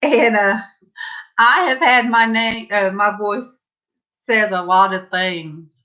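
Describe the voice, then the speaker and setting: A woman's voice: mid-range voice, slow pace, pushed and bright, highs cut off. A middle-aged woman with a Southern US accent chatting casually to her viewers while she paints, rambling and chatty with asides. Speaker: painting livestream host.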